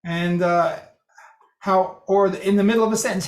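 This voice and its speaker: Chatty high-voiced man in a roomy space. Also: steady tone, normal speed. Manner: chatty, dry humor, mimics phrases. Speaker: presenter demonstrating speech software. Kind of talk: casual group meeting talk. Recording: roomy echo.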